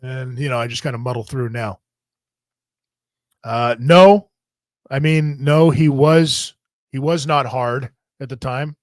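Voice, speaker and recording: A man's voice: medium pitch, slow pace, pauses often, no echo. A man hosting a talk show, telling a story in a casual, profane and jokey way. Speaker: host.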